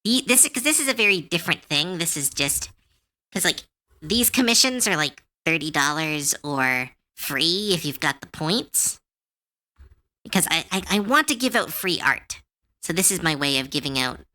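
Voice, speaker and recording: A woman streamer chats casually while drawing on a live art stream. Her voice sits a little low but swings widely in pitch, with a bright, sharp edge. She rambles in an animated way, full of fillers and restarts. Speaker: artist streamer.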